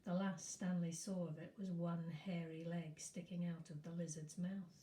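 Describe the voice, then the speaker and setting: A woman teacher reading a novel aloud in a steady storytelling manner. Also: on the low side, moderate pace. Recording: echoey room.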